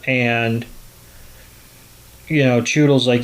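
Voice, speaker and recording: A man hosting a podcast, retelling a cartoon episode in a loose, rambling way. His voice sits at a middle pitch. He keeps going with lots of filler words. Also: steady tone, unhurried, pauses often. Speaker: podcast host. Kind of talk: casual episode recap.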